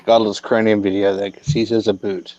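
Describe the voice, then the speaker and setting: A man's voice: on the low side, little pitch movement, fairly quick, darkish tone, no room sound. A man chatting on a group call, crude and teasing, swearing freely. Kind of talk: casual chat. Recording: dull lo-fi dry call audio.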